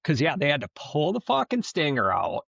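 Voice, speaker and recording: A man's voice: fairly high pitch, a little fast, vocal fry, slightly rough, dry recording. Podcast guy rambling thru a story, swears a lot, very up and down voice, kinda dull lo-fi sound. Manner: profane, rambling, animated storyteller. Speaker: podcast co-host. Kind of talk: casual storytelling chat. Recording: dull, slightly lo-fi dry sound.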